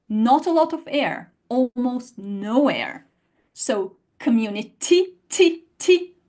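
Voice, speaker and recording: Unhurried and a little mellow, a woman with a fairly high voice and big pitch swings teaches languages in a live online session. She voices students' answers and models sounds through repetition for learners to follow.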